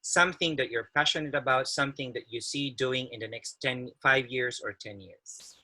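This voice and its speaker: A man's voice: medium pitch, moderate pace, bright, forceful tone, poor audio. A man who is an occupational therapist giving a friendly webinar talk over a video call, laughing often and restarting his sentences. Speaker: guest speaker, occupational therapist. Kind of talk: webinar presentation.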